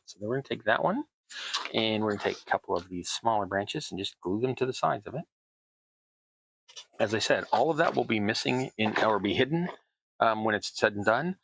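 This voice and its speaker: A man's voice: lowish voice, vocal fry, fairly bright tone, dry recording, rough recording. A middle-aged man with a Southern American accent chatting casually through a hobby crafting tutorial, rambling with self-deprecating asides. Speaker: host, terrain crafter.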